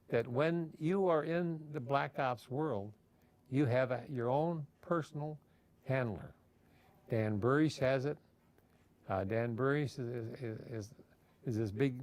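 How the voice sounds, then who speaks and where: A man's voice: mid-range voice, darkish tone. A man talking casually as an interviewee, rambling with frequent fillers and restarts. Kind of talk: casual storytelling.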